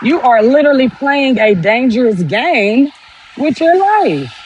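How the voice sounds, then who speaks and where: A woman's voice: high voice, very animated, unhurried, darkish tone, dull audio, slight background noise. A woman hosting a podcast, talking bluntly in a casual monologue full of rhetorical questions. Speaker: podcast host.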